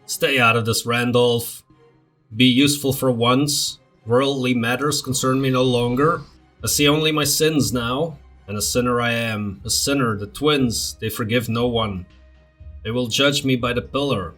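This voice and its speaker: A man voicing a fanatical, crazed old nobleman grandfather in a story game, ranting and slow. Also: mid-range voice, fairly bright tone, soft background music, natural voice. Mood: commanding. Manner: ranting, slow menacing pronouncements.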